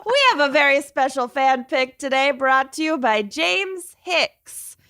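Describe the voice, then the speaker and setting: Woman, podcast co-host, bright and crisp, a little high, chatty and self-deprecating. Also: unhurried. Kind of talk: casual chat.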